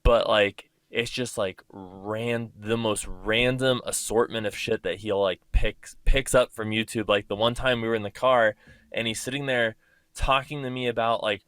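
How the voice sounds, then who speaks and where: A man with a lowish, smooth voice chats casually on a podcast. He wanders through his stories, dropping "like" into almost every phrase. The sound is close and dry. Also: fairly even intonation, normal speed, a bit bright, dry recording. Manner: loose, filler-heavy, says "like" constantly. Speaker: podcast host.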